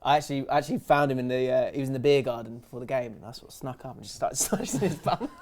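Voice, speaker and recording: A young man, co-hosting a casual football podcast, telling stories with quick sweary asides. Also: medium pitch. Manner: animated storytelling, laughs, quick sweary asides. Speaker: podcast co-host.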